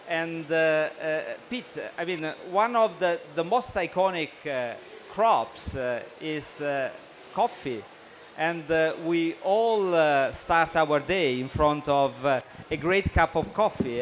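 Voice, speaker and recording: A man's voice: a little high, slight background noise. A man with an Italian accent moderating a panel, hesitant and full of fillers.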